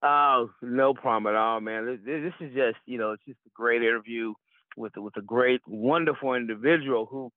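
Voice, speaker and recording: A man's voice: mid-range voice, moderate pace, no echo. A man co-hosting from a small Southern town, chatting casually and rambling with fillers. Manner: warm rambling praise, many fillers. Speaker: co-host. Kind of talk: casual interview chat. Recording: tinny phone line.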